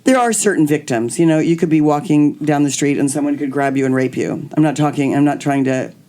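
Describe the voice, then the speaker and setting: A middle-aged woman hosting a podcast, telling candid personal stories in an animated way and acting out the voices of people she quotes. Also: low voice, fairly quick. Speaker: podcast host. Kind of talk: candid storytelling chat.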